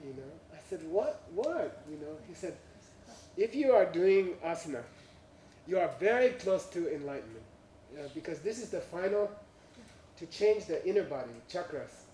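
A man's voice: sits high, animated, moderate pace, warm tone. A man telling an anecdote to an audience in non-native English, chuckling through his punchlines. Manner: chuckles through punchlines, with frequent "you know" and "uh". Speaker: speaker telling a story to an audience. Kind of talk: anecdotal storytelling talk. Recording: roomy, from a distance.

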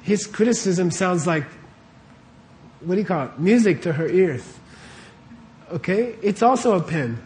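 A man with a fairly high voice teaches a Buddhist lesson in a casual, conversational way, often quizzing his audience and checking that they follow. A faint room ambience sits behind him. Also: lively intonation, a little slow, long pauses, a little mellow, slight background noise. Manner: conversational, questions the audience often, lots of okays. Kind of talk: casual dharma lecture to a live audience. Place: warm room with a live audience.

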